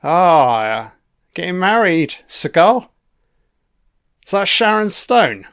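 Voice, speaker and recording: A man's voice: high-pitched, big pitch swings, slow, fairly bright tone, smooth. A man giving a casual, profanity-filled commentary on a film, reacting to scenes as they play. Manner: heavy swearing, chatty reactions.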